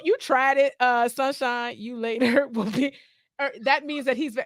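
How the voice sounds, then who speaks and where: A sassy woman hosts her radio show from the studio. Her voice sits high and swings widely in pitch, and the sound is dry and close. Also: normal speed, vocal fry, dry recording. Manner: sassy, animated, teasing. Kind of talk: casual radio chat.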